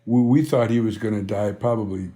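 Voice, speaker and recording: Speaking briskly with fairly even intonation, this older man has a fairly low, dark voice. As a guest being interviewed about founding his band, he spins rambling stories peppered with "you know" and replays past exchanges in character.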